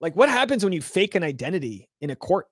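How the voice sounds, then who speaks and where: A man's voice: sits high, sing-song, fast talker, fairly bright tone, no room sound, studio quality. A man who is a guest on a podcast, chatting casually, rambling with fillers and cracking jokes. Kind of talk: casual chat.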